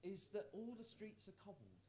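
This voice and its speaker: A young man from the doing a live stand-up set in a comedy club, self-mocking, with stammered restarts and sudden loud punchlines. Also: high-pitched, wildly swooping pitch, normal speed, slight background noise. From Worcester, England.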